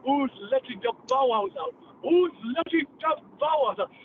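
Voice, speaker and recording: A chatty, earnest Pakistani bus conductor, put on by a man, his talk singsong and formal in a Pakistani English accent. The voice sits very high and comes through a thin, phone-like line with a faint hiss behind it. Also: animated, moderate pace, far from the mic. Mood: eager.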